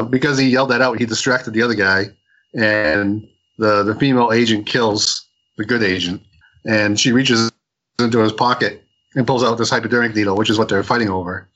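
A man's voice: lowish voice, fairly even intonation, normal speed, fairly bright tone, muffled recording. A man co-hosting a comic book podcast, retelling a story in a rambling way with many restarts. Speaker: podcast co-host. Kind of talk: casual comic book review chat.

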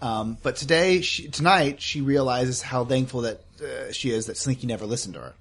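A man's voice: moderate pace, slightly rough. A man playing a tabletop horror game, narrating his character's actions with frequent laughter. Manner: laughing, bursts into high shouted character lines. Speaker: player.

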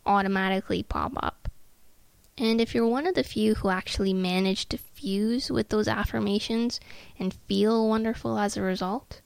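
Woman, podcast host, calm measured delivery, gravelly fry, dry close sound. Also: mid-range voice, no echo. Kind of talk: calm self-help podcast talk.

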